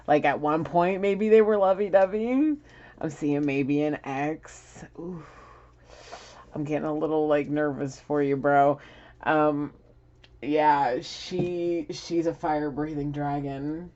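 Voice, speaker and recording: Giggly low-voiced woman reading cards. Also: steady tone, slow, dark tone, lo-fi sound. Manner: giggly, rambling, laughs often. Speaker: tarot reader. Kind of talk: casual spiritual reading vlog. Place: home. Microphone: camera.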